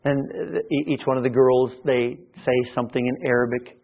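A man's voice: medium pitch, normal speed, creaky. A man preaching a sermon as pastor, swelling in volume at times and often restarting his phrases. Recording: tinny phone-like sound.

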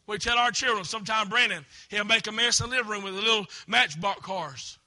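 A man preaching a sermon as pastor in a church, repeating phrases and breaking into emphatic shouts. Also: sits high, brisk. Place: church sanctuary.

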